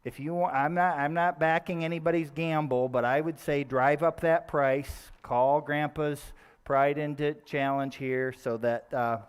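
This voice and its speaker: Smooth-voiced man emceeing a fundraiser. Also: a little high, fairly even intonation, measured pace. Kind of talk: live event announcing.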